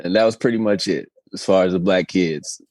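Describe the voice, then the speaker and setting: A man's voice: deep voice, fairly quick, darkish tone, no echo. A man from Indiana co-hosting a podcast, chatting casually with wry, profane griping. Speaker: podcast co-host. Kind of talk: casual comedic chat.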